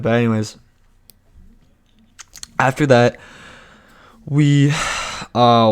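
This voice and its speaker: A man's voice: mid-range voice, clean tone. A young man vlogging a casual storytime, rambling and cutting himself off, laughing often.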